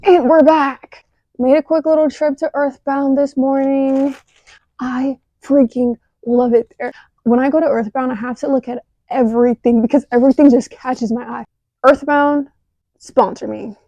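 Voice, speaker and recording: A young woman chatting casually while crafting, talking excitably with lots of filler words into a phone camera at home. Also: high voice, normal speed, no room sound, dull audio. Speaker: craft vlogger.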